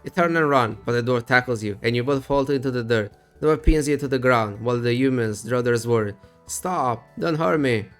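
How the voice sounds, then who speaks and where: A man's voice: medium pitch, a little fast, hardly any pauses, a bit bright, clean tone, soft background music. A male streamer reading a text adventure aloud, breaking off for profane, wry asides.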